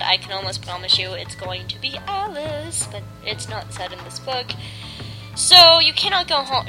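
A young woman hosts a podcast in a casual, bubbly manner, full of filler words. Her voice sits somewhat high. Music plays clearly behind her talk. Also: poor audio. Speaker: podcast host. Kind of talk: casual review chat.

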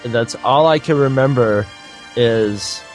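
A man's voice: mid-range voice, unhurried, soft background music. A man co-hosting a podcast in casual, joking chat that drifts off on tangents. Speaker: podcast co-host.

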